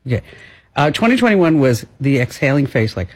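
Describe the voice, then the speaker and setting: Husky-voiced woman host, bouncy lively delivery, jokey and quick. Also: very deep voice. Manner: playful, quick, laughs often. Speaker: radio show host. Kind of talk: casual chat.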